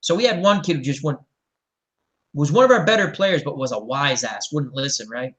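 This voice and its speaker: A man's voice: on the high side, fairly quick. A middle-aged man, hosting a casual chat and telling rambling anecdotes. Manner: animated, rambling anecdotes with mimicked voices. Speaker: host.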